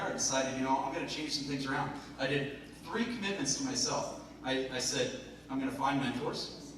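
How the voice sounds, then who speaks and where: A man gives a motivational talk at a live event, chatty and jokey, throwing questions at the audience. His voice sits at an ordinary middle pitch. The recording catches him from a distance in a very reverberant hall, with clear room noise behind him. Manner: lively, jokey, asks the crowd questions. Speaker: motivational speaker. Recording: very echoey hall, speaker far from mic, noisy.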